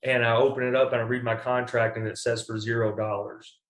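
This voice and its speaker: A man's voice: mid-range voice, little pitch movement, fairly quick. A young man from Kentucky telling stories as a guest in a casual interview, rambling and full of fillers. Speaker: baseball pitcher, guest. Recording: echoey room.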